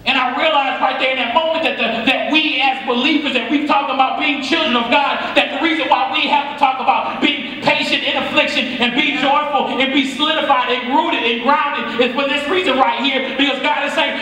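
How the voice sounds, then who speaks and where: A man's voice: very high-pitched, fairly even intonation, fairly quick, few pauses, pushed and bright. A man, a pastor, preaching an earnest storytelling sermon and repeating phrases for emphasis. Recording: echoey hall, mic far off.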